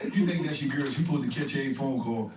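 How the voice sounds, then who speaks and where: A man, a guest in an interview, telling stories from his past in a casual, animated way, acting out the voices of the people in them, with heavy slang and profanity. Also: mid-range voice, quick pace, noisy background. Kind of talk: casual storytelling. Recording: echoey room, distant from mic.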